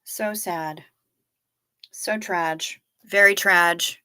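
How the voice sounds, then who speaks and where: A woman's voice: lowish voice, steady tone, drawn-out words, pushed and bright, clean tone, dry recording, studio quality. A woman hosting a live stream in a casual, chatty way, reading out viewer comments with wry asides and repeating herself for effect. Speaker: livestream host.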